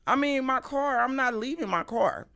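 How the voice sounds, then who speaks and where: Gravelly, bright-voiced St. woman. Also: high-pitched, moderate pace. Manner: animated, profane, swings between loud and hushed. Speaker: livestream host. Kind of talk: casual storytelling monologue.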